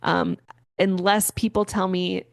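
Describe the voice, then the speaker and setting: A woman hosting a podcast, explaining a meditation in a rambling, filler-heavy, gently encouraging way. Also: fairly low pitch, level tone, measured pace, gravelly, no room sound, clean studio sound. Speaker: podcast host. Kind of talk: casual spoken explanation.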